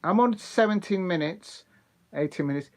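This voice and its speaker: A man's voice: sits high, normal speed. Chatty man streaming football. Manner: chatty, excitable, thanks viewers, laughs often. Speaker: football watch-along streamer. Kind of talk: live casual chat with viewers.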